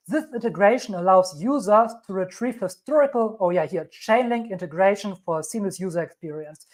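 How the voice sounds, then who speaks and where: A woman with a thick German accent, hosting a live crypto stream, emphatic and reassuring, repeating her points and reading news aloud. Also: mid-range voice. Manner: reads news items aloud. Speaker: crypto channel host.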